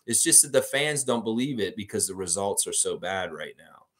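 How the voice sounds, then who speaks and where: A man's voice: fairly low pitch, lively intonation, moderate pace, fairly bright tone, husky. A man hosting a live basketball preview stream, chatting casually, reading viewer comments aloud and rambling animatedly. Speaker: sports channel host.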